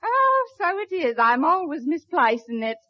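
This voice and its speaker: A sly cook suspect wisecracks and wails melodramatically in a 1940s radio sketch. Her voice is very high and lively. The dull broadcast carries a studio audience and hiss. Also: unhurried. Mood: melodramatic.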